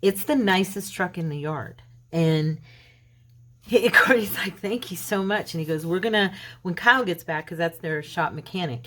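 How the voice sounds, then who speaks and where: Chatty woman, slightly low voice. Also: slight background noise. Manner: chatty retelling, acting out quoted dialogue in a lifted voice; loose, rambling, with fillers and restarts. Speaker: mixed-media craft channel host. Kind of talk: casual storytelling while crafting.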